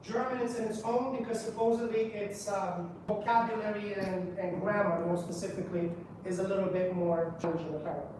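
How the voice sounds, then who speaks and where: A man's voice: high-pitched, fairly even intonation, fairly quick, few pauses. A man giving a conference presentation to a live audience, drawing listeners in with questions and repeated "right?" checks. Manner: engaging, quizzes the audience with rhetorical questions. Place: public library meeting room. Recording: echoey room, voice from a distance, background noise.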